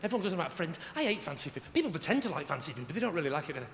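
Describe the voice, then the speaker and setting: Stand-up comedian in an echoing theatre. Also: male voice, on the high side, sing-song, very fast, slight background noise. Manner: rhetorical, teasing the audience. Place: large theatre stage. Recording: echoey theatre with loud audience.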